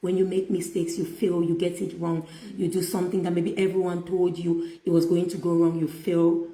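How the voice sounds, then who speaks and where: A middle-aged woman delivers a faith-based self-help talk, slow and emphatic, repeating her points like a preacher. Her voice sits a little low and sounds mellow. The recording carries a noticeable room echo. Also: level tone. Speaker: motivational speaker. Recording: echoey room.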